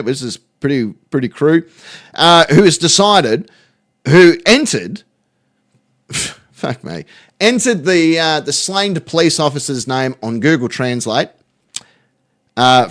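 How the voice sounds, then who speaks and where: A man's voice: mid-range voice, fairly bright tone. An Australian man hosting a show, mocking clips in crude, constantly swearing reaction commentary.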